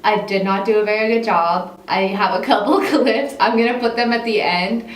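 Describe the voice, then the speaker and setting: A woman's voice: medium pitch, moderate pace. A young American woman telling a casual storytime, chatty and filling her talk with "like," often laughing between phrases. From United States. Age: young adult. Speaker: vlogger. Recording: echoey room, mic set far off, faint hiss.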